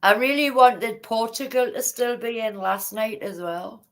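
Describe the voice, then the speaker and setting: A woman's voice: a little high, measured pace, a bit bright. A woman with a Geordie accent hosting a casual livestream chat, chatty, affectionate and teasing. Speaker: livestream host.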